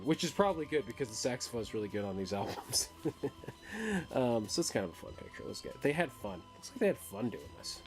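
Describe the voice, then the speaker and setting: A man's voice: medium pitch, expressive, quick pace, soft background music. Rambling crude-joking man, casual vlog. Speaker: record collection vlogger. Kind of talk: casual to-camera chat.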